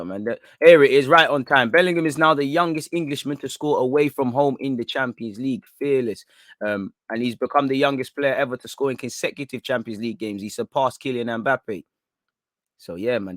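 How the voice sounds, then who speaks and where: A man's voice: mid-range voice, dry recording, studio quality. Bantering young man. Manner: banters with viewers, laughs often, street slang. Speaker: football channel host. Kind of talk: casual livestream chat.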